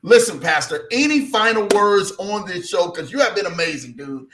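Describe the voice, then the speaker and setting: A man's voice: high-pitched, expressive, moderate pace, background noise. A man hosting a talk show, enthusiastic and affirming, speaking loosely and casually. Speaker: host.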